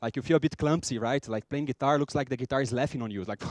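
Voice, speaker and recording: Brazilian man giving a lively talk. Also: mid-range voice, fast, no room sound. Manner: lively, acts out little scenes and jokes with the audience. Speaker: conference speaker. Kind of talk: conference talk.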